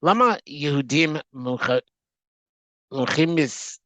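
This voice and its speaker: A man teaching a text study class, reading aloud and translating line by line, often halting and restarting words as he goes. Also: a little high, expressive, bright, forceful tone, no echo, low-quality recording. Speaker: Torah teacher.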